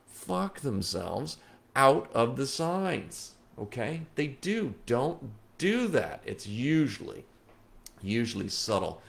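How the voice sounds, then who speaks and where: Here a man at his computer indoors hosts a late-night psychic medium livestream, reading comments from viewers. His medium-pitched voice is creaky, and he alternates between slow, gentle reflection and eager chatter.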